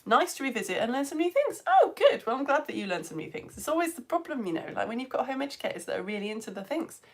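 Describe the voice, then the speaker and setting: A woman science teacher on a live stream, chatting warmly and laughing as she greets viewers by name and reads their comments. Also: high voice, sing-song, fast talker. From United Kingdom. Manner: bubbly, chatty, laughs often, rambling. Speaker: online science teacher for home educators.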